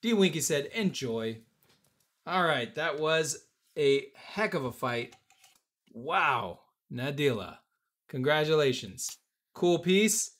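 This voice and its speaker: A man's voice: fairly high pitch, animated, slow, fairly bright tone. A man hosting a live-stream auction, joking with bidders and counting down bids. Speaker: auction host.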